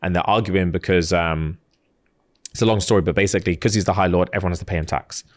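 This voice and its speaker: A man's voice: sits low, steady tone, fast talker. Male podcast co-host, casual rambling storyteller, street slang. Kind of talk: casual chat.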